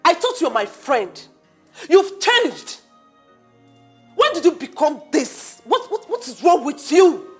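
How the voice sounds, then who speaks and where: A woman's voice: sits high, very animated, slow, soft background music, full character voice. An actress playing a young woman who scolds her friend, in an incredulous, scolding manner. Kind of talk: Nollywood film drama.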